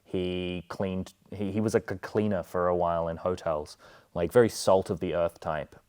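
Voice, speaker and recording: A man's voice: deep voice, steady tone, moderate pace, a little mellow, clean tone. An Australian man, a guest in a casual film discussion, telling stories in an earnest, chatty way with lots of fillers.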